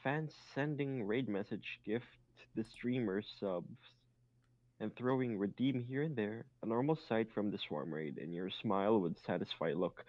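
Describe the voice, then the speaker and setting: A man's voice: on the low side, expressive, a little slow, no room sound, muffled recording. A man reading fan fiction aloud, stumbling on awkward grammar and making joking asides. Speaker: reader.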